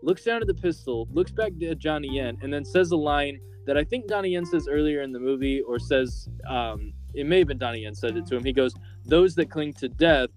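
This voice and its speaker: A man's voice: mid-range voice, a little fast, hardly any pauses, a little mellow, faint music behind. A man hosting a podcast, casually recapping a film's plot with lots of filler words. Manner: rambling, filler-heavy storytelling. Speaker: podcast host.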